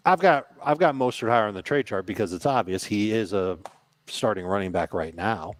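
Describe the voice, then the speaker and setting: A man co-hosting a casual sports podcast, giving measured, decisive takes. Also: on the low side. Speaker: podcast co-host.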